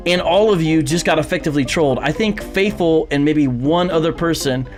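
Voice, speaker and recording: Chatty livestream host, slightly high voice. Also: male voice, brisk, soft background music. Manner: reads chat messages aloud, chuckles, hesitant fillers. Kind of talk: casual live-show chat.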